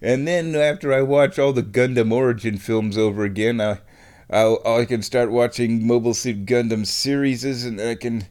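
A man in a casual comic vlog rant, sarcastic and animated, jumping to high exclamations. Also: normal speed. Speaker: vlogger.

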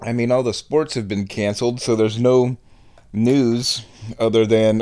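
A man in a casual comic vlog rant, sarcastic and animated, jumping to high exclamations. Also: unhurried. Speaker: vlogger.

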